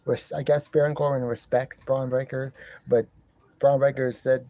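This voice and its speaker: A man casually reviewing a wrestling show from his love seat at home, rambling and repeating himself while he clears a congested throat. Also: medium pitch, flat delivery, normal speed, mellow, dry recording, dull audio. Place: living room at home, seated on a love seat. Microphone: camera in front of him.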